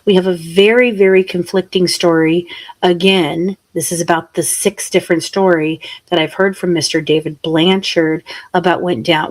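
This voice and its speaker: Animated woman true crime commentator. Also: on the low side. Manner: animated, rhetorical and incredulous, with pointed questions.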